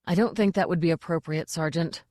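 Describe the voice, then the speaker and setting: A woman voicing a gentle, polite male king who was once a jester. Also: deep voice, fairly even intonation, fairly quick, dry recording, clean studio sound, lightly acted. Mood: fretful. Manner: soft, polite, fretful.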